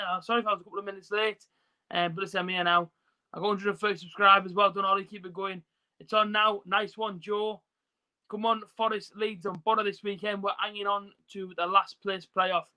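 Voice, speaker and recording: Guy doing a footy watch-along stream, higher voice, bright, chatty, lots of ums and you knows. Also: little pitch movement, brisk, clean tone, poor audio. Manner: chatty, reads out viewer comments, lots of fillers. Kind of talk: casual live stream chat. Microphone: phone.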